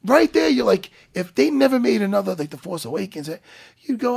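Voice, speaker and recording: A man co-hosting a podcast in casual chat, excitable and emotional, swearing and laughing often as he talks. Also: high-pitched, brisk, gravelly, slightly rough. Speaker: podcast co-host.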